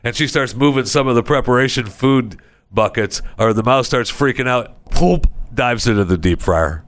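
A man's voice: animated, moderate pace, a bit bright. A man hosting a podcast in a studio, rambling sarcastically in a casual comedic monologue. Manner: rambling, sarcastic, acts out people in high voices. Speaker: podcast host. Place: recording studio.

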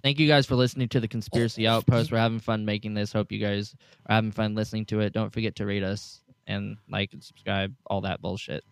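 A man's voice: fairly low pitch, level tone, fast, creaky, few pauses, smooth, dry recording. A man hosting a podcast, laid-back and profane, thanking listeners in casual chat. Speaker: podcast host.

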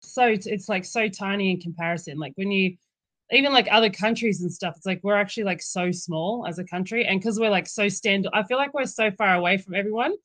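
An Australian woman talks as a guest on a podcast, bubbly and rambling. Her voice sits at a middle pitch and sounds dry and close, with no room around it. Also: a little fast, a bit bright, no echo. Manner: bubbly, rambling, says "yous". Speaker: podcast guest, birth worker. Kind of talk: casual podcast chat. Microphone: remote call recording.

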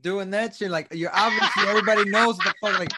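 A man's voice: sits high, steady tone, fast, very noisy. A man hosting a casual podcast chat, rambling and joking, with plenty of swearing.

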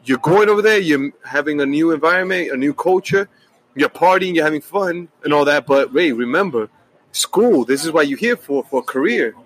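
Upbeat higher-voiced male guest. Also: animated, moderate pace, rough recording. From Washington Heights, New York. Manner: upbeat, acts out quoted voices. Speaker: guest musician. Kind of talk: casual interview chat.

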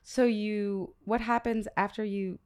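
A woman hosting a podcast in casual chat, encouraging her guest with short, warm reactions. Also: medium pitch, flat delivery, a little slow, clean tone. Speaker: podcast host.

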